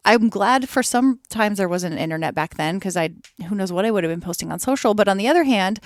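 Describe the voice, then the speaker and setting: A woman speaking candidly as a podcast guest, animated and acting out her own inner voices. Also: medium pitch, quick pace, no echo, clean studio sound. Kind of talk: candid conversational interview.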